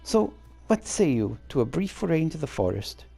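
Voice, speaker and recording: A man's voice: on the high side, big pitch swings, moderate pace, creaky, mellow, breathy edge, faint music behind, pitched above the performer's own voice, exaggerated voice. Man putting on a sly accented wildlife overseer woman. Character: shrewd female wildlife overseer with a put-on accent. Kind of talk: voicing game dialogue in a let's play.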